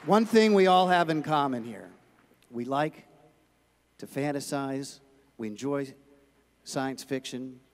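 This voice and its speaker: Male actor, mid-range voice, courteous and plain-spoken panel words. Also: mid-range voice. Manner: folksy, measured, courteous. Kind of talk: short panel remarks. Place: convention hall.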